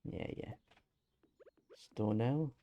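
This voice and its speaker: A man giving casual gameplay commentary on a stream, low-key and subdued, muttering playful sing-song asides. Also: very slow, lo-fi sound.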